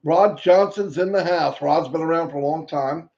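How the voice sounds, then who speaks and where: A man hosting a live stream, greeting viewers one by one with playful, sing-song shout-outs and little rhymes. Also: a little high, moderate pace. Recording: dull lo-fi stream audio.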